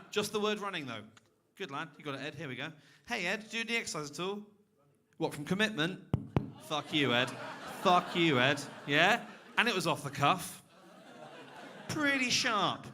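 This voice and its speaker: A young man doing a stand-up comedy set on a club stage, sarcastic and deadpan, bursting into loud rants at a man in the crowd. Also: fairly high pitch. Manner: sarcastic, deadpan then suddenly loud and ranting at an audience member.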